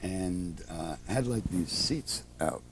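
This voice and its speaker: A man with a lowish voice, guest on a talk program, telling relaxed stories in an animated way. He slips into the voices of the people he quotes. There is a faint hiss behind him. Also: takes it slowly. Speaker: interview guest, theater producer. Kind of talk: relaxed anecdotal storytelling.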